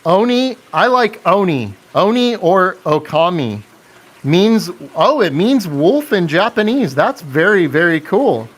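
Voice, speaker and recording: Slow-talking man hosting a live stream. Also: high-pitched, big pitch swings. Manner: chatty, reads and answers viewer comments, laughs often. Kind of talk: casual live stream chat.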